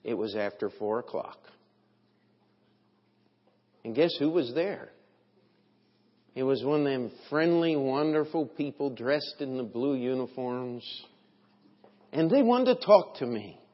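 A man preaching a sermon as pastor, slow and deliberate, with emphatic swells in his delivery. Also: mid-range voice, expressive. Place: church sanctuary. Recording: dull, lo-fi, long hall reverb.

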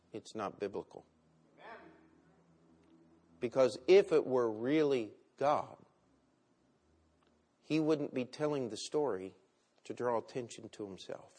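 A man preaching a sermon, with big swings between loud and quiet. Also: mid-range voice. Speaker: pastor.

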